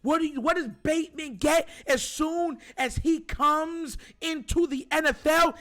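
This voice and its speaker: A man hosting a sports talk show, ranting heatedly and shouting his points over and over. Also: extremely high pitch, expressive, normal speed. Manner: fired-up, shouting, repetitive emphatic. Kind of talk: heated sports commentary rant.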